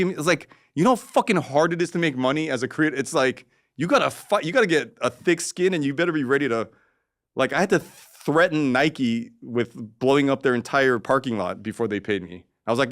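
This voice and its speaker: A man, an artist guest, telling a story in casual, rambling talk, cursing freely and getting animated. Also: medium pitch, fairly quick.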